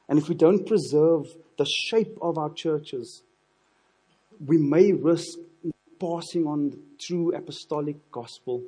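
A male preacher from delivers an earnest sermon. His voice is husky and dark, sitting a little high for a man. He often repeats words as he builds toward a point. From South Africa.

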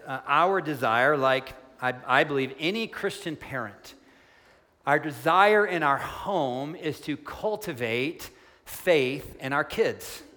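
A middle-aged male pastor preaching a sermon, earnestly, slowing down for emphasis and speeding up in excited asides. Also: mid-range voice. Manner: earnest, shifts between soft slow emphasis and quick excited asides. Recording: long hall reverb.

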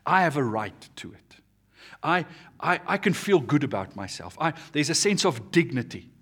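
A male pastor delivers an earnest sermon, his pitch sitting a little high and moving a lot as he pushes toward each point. His voice is husky, and his volume swells and falls as he leans into the message. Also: big pitch swings, moderate pace, a bit bright. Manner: earnest preaching, rises and drops in pitch and volume.

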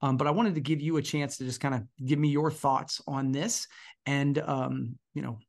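A man's voice: mid-range voice, steady tone, normal speed, creaky. A man co-hosting a podcast in casual chat, easygoing and chatty. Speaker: podcast co-host.

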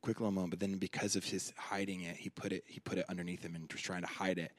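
A man with a deep, low voice preaches a conference sermon. He talks slowly and deliberately, repeating phrases and building to loud, emphatic peaks. The sound is dry and close. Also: little pitch movement, no echo.

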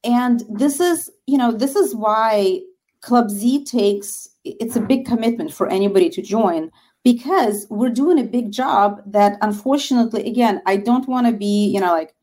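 A woman's voice: on the high side, normal speed, mellow. A woman with a Russian accent, a guest speaking earnestly and emphatically about her organization in an interview. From former Soviet Union. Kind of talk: interview conversation.

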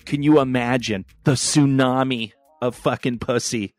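A man's voice: medium pitch, fairly even intonation, measured pace, dry recording. A man co-hosting a casual podcast, joking crudely and playfully, with big swings in his voice. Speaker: podcast co-host.

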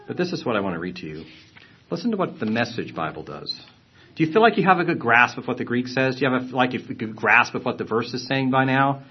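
A man teaching a lesson on Bible translations, explaining earnestly, clearing his throat and restarting phrases. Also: mid-range voice, sing-song, quick pace, highs cut off, a little hiss or hum.

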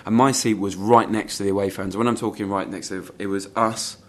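A man's voice: fairly even intonation, a little fast, a little hiss or hum. A man co-hosting a casual fan podcast, rambling through stories with many restarts and reading out quotes. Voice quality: says he has quite a high-pitched voice. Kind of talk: casual chat.

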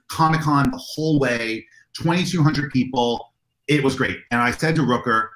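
Guy who runs conventions telling stories all excited, echoey room. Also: mid-range voice, normal speed, a little hiss or hum. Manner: animated, enthusiastic storyteller who acts out dialogue. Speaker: convention organizer, guest. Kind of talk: anecdotal interview storytelling.

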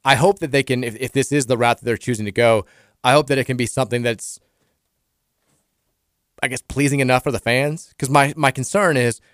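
A man in his thirties with a Kentucky accent, hosting a casual sports radio talk show, chatty and quick with frequent restarts. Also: mid-range voice, fairly even intonation, fairly bright tone, no echo, studio quality.

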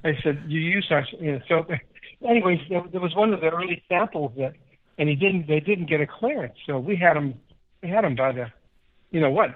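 Older man from Chicago, interview guest; slightly raised pitch, rambling anecdotes, heard through a thin phone-style line. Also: a little fast, phone-quality sound. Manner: animated, rambling anecdotes with many restarts. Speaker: guest musician. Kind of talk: casual interview storytelling.

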